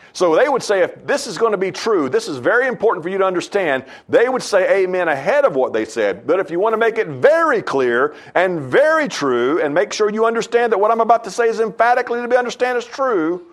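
A man preaching a sermon as pastor, emphatic, his voice swinging between loud high stresses and low quiet asides.

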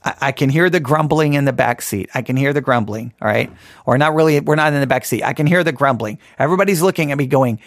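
A man's voice: mid-range voice, quick pace, dry recording, studio quality. A man hosting a casual Christian podcast, talking in a rambling, self-deprecating way with many restarts. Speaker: podcast host.

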